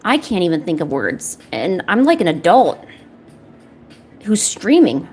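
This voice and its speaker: A woman's voice: lowish voice, big pitch swings, measured pace, darkish tone, slight background noise. Rambling self-deprecating young woman streamer. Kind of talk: casual chat while drawing.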